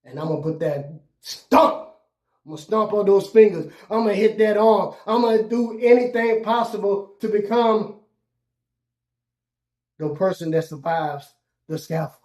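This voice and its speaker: Sex: man. Style: trash-talking wrestling promo. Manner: boastful, threatening, repeating short phrases. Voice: high. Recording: echoey room. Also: normal speed, a little mellow.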